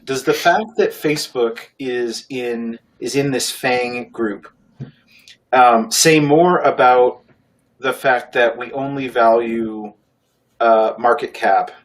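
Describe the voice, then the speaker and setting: A man's voice: medium pitch, low-quality recording. A man co-hosting a casual panel podcast, thinking aloud and posing questions to the others. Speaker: podcast co-host.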